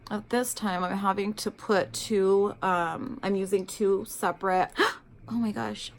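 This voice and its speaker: Unhurried and medium-pitched, a woman vlogger talks casually as she does her makeup. Her storytelling is lively, she imitates the people she quotes, and "like" and "you guys" come up constantly.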